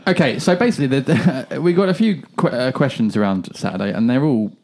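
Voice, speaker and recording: A man in a mid-range voice hosts a football podcast at a quick pace. He moves briskly through sponsor plugs and listener questions in an upbeat, chatty way. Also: mid-range voice, sing-song, darkish tone. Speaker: podcast host. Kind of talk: casual football chat.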